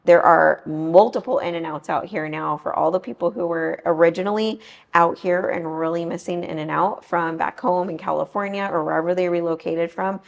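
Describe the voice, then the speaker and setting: A woman's voice: fairly low pitch, fairly even intonation, moderate pace, creaky, lo-fi sound. A woman real estate agent chatting enthusiastically to camera in a home's kitchen, talking straight to her viewers. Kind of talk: casual home-tour chat to camera. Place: kitchen of a house.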